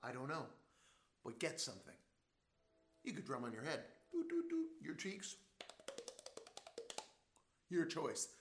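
A man's voice: medium pitch, lively intonation, slow pace, long pauses. A man teaching a music class for small children, playful and leading call-and-response. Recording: roomy sound with loud music. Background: drumming and music.

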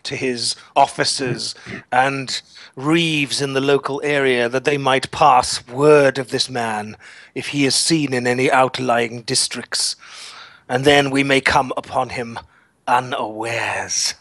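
A man's voice: mid-range voice, steady tone, slow, a bit bright, no echo. A man taking part as a player, making formal, wordy requests. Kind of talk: casual in-character tabletop play.

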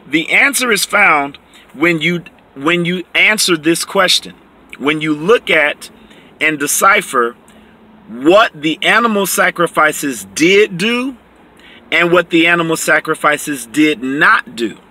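A man teaching from the Bible, reading verses slowly and explaining them emphatically, often checking in with "okay?". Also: a little high, animated, sharp tone. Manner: reads scripture slowly and deliberately.

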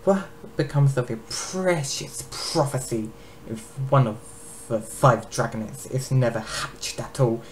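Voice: mid-range voice, expressive, a little slow, lightly acted, rough recording. A reader voicing a cruel, mocking female dragon villain in an amateur dramatic reading, with faint background noise. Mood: taunting. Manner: taunting, theatrical.

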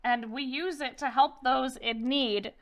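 A woman voicing an ancient, frail female wereraven who is slow, fussy and easily insulted. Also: high-pitched, fairly even intonation. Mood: earnest.

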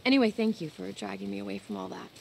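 A woman's voice: medium pitch, fast, gravelly, a little mellow, slight background noise. An actress playing a young woman scientist in a video game, wry and teasing, with a dry, easily amused manner. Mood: weary. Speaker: game character. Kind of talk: video game dialogue acting.

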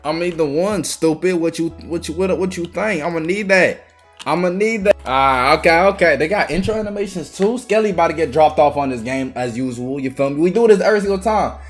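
A young man giving excitable, swearing gameplay commentary as a video host, trash talking the other players and breaking into yells. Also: on the high side, a little fast, faint music behind. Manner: excitable, swearing trash talk with bursts of yelling. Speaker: gaming YouTuber.

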